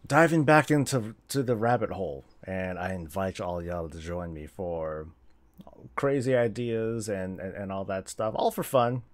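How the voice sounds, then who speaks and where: A man chatting casually on a game stream, rambling and joking, laughing often between thoughts, speaking into a desk mic. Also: on the low side. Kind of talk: casual stream chat while gaming.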